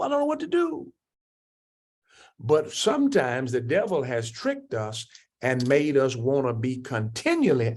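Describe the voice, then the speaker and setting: Older male preacher, teaching voice that jumps up in pitch for quoted speakers. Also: darkish tone. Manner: answers written questions from the class. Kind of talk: church coaching class.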